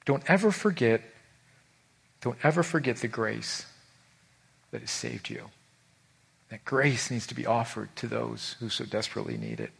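A husky-voiced man preaching a heartfelt sermon. He talks earnestly, stumbles and repeats words as he goes, and moves between hushed, tender stretches and raised, urgent ones. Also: mid-range voice. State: emotional. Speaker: pastor.

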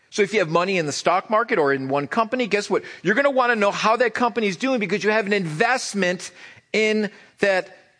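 A middle-aged male pastor preaching in a relaxed, joking way, with a slightly high voice that swings animatedly up and down. He often stumbles into sentences by repeating a word or two before finding his point. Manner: conversational, joking, repeats words when starting sentences. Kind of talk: sermon.

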